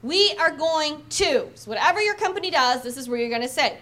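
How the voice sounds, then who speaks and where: A woman sales trainer coaching an audience on opening talks, acting out sample pitches with energy and emphasis. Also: lively intonation, fairly quick, sharp tone. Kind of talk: training talk with demonstrations.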